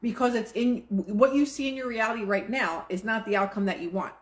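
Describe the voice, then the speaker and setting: A woman hosting a live stream, chatting casually and teaching about manifesting, with a relaxed manner full of fillers. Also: a little high, fairly quick. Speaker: host of a manifesting livestream. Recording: roomy echo.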